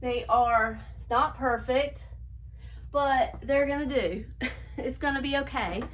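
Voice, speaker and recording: A woman's voice: high-pitched, slow pace. A middle-aged woman chatting casually to viewers as she decorates her bedroom, a little out of breath. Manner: chatty, talking to viewers while working. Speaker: home decor vlogger. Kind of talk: casual chat while decorating. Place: home bedroom.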